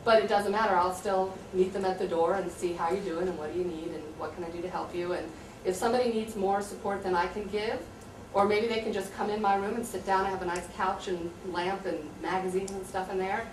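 An American woman, a high school teacher, explaining in an earnest, conversational way how she handles students. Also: steady tone, a little fast. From USA. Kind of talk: explaining classroom practice to visitors. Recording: echoey room, distant mic, light hum.

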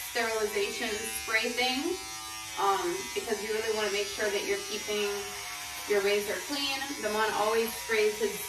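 Woman, chatty vlog host, higher voice, mic at a distance in a noisy room. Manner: chatty, full of "um" and "like" fillers. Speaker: brand co-founder and vlog host. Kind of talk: casual home vlog chat. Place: home room during lockdown. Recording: echoey room, mic at a distance, background noise.

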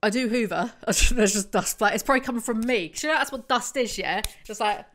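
A woman's voice: a little high, fairly quick, a bit bright, slight background noise. Sardonic young Englishwoman. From England. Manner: sardonic, exasperated asides. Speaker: YouTube book reviewer. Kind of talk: sarcastic book commentary.

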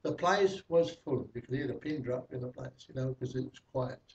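A man's voice: medium pitch, moderate pace. A man preaching a testimony sermon, telling a story in a chatty way with many fillers and chuckles. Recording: echoey, distant, dull, slightly noisy.

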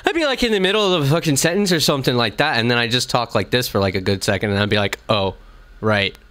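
A man's voice: medium pitch, animated, very fast, a bit bright. A young man chatting casually on a podcast, joking, defensive and swearing freely. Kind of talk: casual chat.

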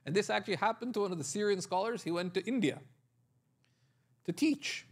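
A man's voice: sits high, a little fast. A man teaching Arabic grammar in a classroom lecture, explaining step by step and often quizzing his students with questions and "right?". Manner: frequent checking tags like "right?".

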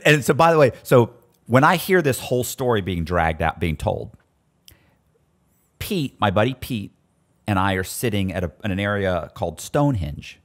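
A man's voice: fairly low pitch, normal speed. A man casually telling prison stories, acting out the voices of the people in them. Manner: animated, acts out quoted voices. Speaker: storyteller guest. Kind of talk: casual storytelling.

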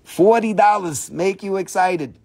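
Playful, profane live-sale host; man with a high, gravelly voice and broken English. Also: unhurried, darkish tone. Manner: non-native, broken English. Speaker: host and rock seller. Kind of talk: live sales stream.

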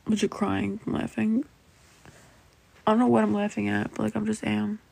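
A young woman chatting on a live stream, caught in a fit of giggles and short of breath. Her voice has some fry and a breathy, husky texture. The sound is dry and close. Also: medium pitch, level tone, normal speed, warm tone, no room sound. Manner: giggly, keeps laughing, says like and legit a lot. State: breathless from laughing. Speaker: livestreamer reading chat. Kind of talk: casual live stream chat.

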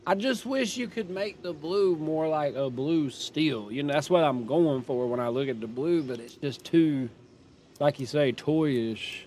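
A man's voice: on the high side, unhurried, darkish tone, a little hiss or hum. A man giving casual commentary while playing a video game, chatty and thinking aloud as he makes up his mind. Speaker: gaming streamer.

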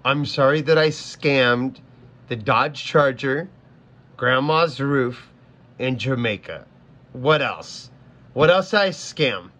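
A man's voice: mid-range voice, lively intonation, slow pace, fairly bright tone. A man streamer talking casually to his chat, flustered and stammering as he repeats himself. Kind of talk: casual livestream talk to chat.

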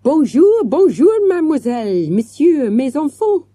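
A woman voicing an excitable, fussy French male hotel manager who is eager to please, in a storybook reading. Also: on the high side, normal speed, husky, no echo, pitched above the performer's own voice. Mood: effusive. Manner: effusive, flustered, eager to please.

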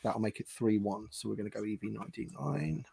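A man's voice: on the low side, brisk, gravelly, mellow, slightly rough. A man hosting a casual livestream panel, talking with lots of ums and restarts over a video call. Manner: hesitant, many ums and restarts. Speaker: livestream host.

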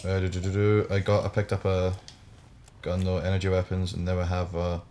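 A man's voice: sits low, completely flat delivery, brisk, mellow. A man from Britain co-hosting a gameplay video, talking in a rambling, chatty way. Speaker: gaming co-host. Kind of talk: casual gameplay chat.

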